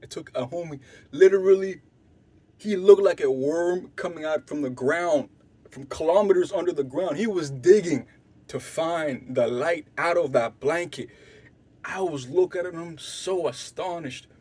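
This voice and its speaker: A young man with a somewhat high voice tells a wild story in loose street slang. He gets animated and swears freely, swinging between loud bursts and hushed asides as he acts out what others said. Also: unhurried, breathy edge. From Canada. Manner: animated, swearing, acts out quotes loudly and softly. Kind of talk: casual storytelling.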